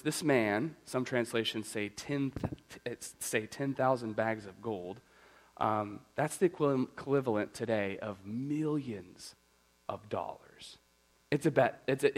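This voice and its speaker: Male pastor, sermon, animated conversational storyteller, medium pitch. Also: low-quality recording.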